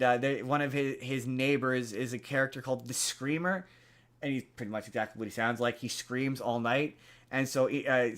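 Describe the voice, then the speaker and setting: A man's voice: mid-range voice, fairly bright tone. A man hosting a podcast, casually retelling a movie's plot in a rambling way, full of fillers and restarts. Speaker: podcast host.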